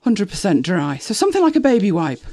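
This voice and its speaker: A woman streaming live from her home, chatting casually with viewers. She laughs often and jumps to a high, sing-song voice for her dog. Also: huge pitch swings, fast, dark tone. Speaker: vlogger.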